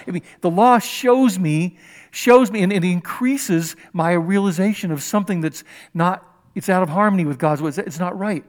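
An older man preaching a sermon, animated and conversational, acting out little scenes of dialogue as he teaches. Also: high voice. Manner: animated, acts out dialogue with rising and dropping voice. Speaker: pastor.

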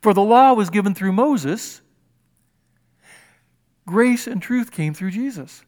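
An older male pastor delivers a sermon in a notably high voice. He talks in a loose, conversational way, often breaking into little acted-out exchanges with his voice rising and dropping. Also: slow pace. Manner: animated, acts out dialogue with rising and dropping voice.

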